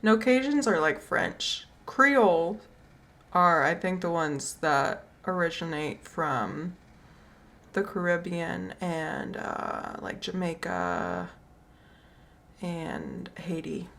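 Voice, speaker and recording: Slow, rambling woman streamer. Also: fairly low pitch, expressive, fairly bright tone, a little hiss or hum. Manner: rambling and unsure, trailing off with fillers. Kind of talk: casual chat.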